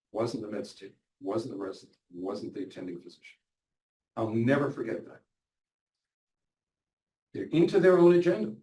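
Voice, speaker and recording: A man's voice: medium pitch, darkish tone. A middle-aged man giving a lecture, earnestly retelling patients' stories in their own words. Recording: echoey hall, mic at a distance, faint noise.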